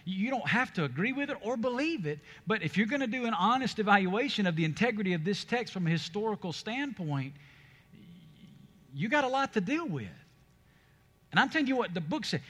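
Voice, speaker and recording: Bright-voiced preaching man, echoing hall. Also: high voice, big pitch swings, a little fast. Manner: preaching with emphatic, rising delivery. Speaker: pastor. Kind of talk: sermon. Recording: long hall reverb.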